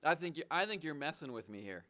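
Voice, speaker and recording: A man's voice: on the high side, sing-song, fast talker, bright, forceful tone. A young man hosting a call-in show, teasing a caller in a casual, mock-suspicious way.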